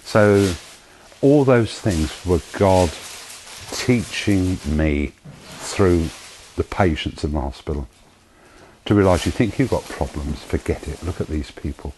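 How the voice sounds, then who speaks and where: Man, very low voice, emotional testimony, slow tender storytelling, faint background noise. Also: lively intonation, darkish tone, poor audio. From United Kingdom. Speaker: charity founder giving testimony. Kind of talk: personal testimony.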